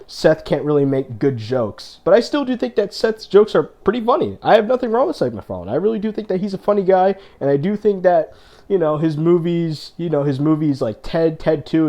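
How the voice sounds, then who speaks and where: Dude ranting on his channel, kinda high voice but dark and mellow tone, swears a lot, fed up. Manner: exasperated, profane, ranting. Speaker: YouTuber. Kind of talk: rant video.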